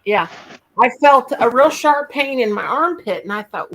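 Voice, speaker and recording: A woman's voice: medium pitch, animated, sharp tone, slight background noise. A woman hosting a live stream, chatting casually and telling a rambling story. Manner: rambling storyteller, quick asides, folksy. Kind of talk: casual chat.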